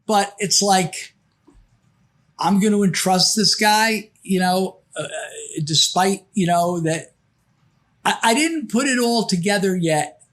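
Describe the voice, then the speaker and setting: Podcast guest, sixties, man with a high voice; rambling storyteller who restarts sentences and acts out quotes. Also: takes it slowly, fairly bright tone. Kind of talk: casual storytelling.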